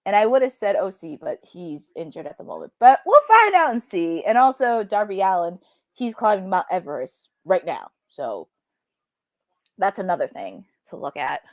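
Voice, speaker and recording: A woman's voice: medium pitch, sing-song, moderate pace. A woman co-hosting a wrestling watch-along, giving casual live commentary in a chatty, wry, sarcastic way.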